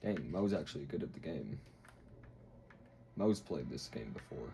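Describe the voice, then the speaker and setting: A man's voice: rumbling low, sing-song, a little slow, creaky, dark tone, slight background noise, rough recording. A man hosting a video, casually recapping a show in a rambling way with lots of fillers. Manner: rambling, full of fillers and acted-out quotes. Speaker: video host.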